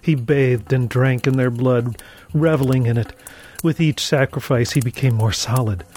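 A man reading a first-person horror story aloud, dramatic, sinking low and slow on the grim moments. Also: a little mellow, a little hiss or hum. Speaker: narrator.

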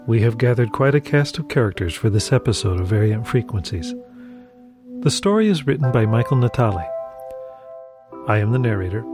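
A man introducing an episode of a fiction podcast in a friendly, upbeat way. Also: medium pitch. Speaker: podcast host and narrator.

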